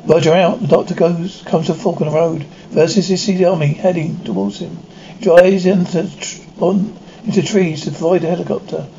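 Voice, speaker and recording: Male reader, high voice, narrates and voices all parts plainly; lo-fi home-style recording. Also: warm tone. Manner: unpolished reading with frequent slips and restarts. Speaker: audio describer and reader. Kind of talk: reading a described episode aloud, voicing all parts plainly. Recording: dull lo-fi recording with faint noise.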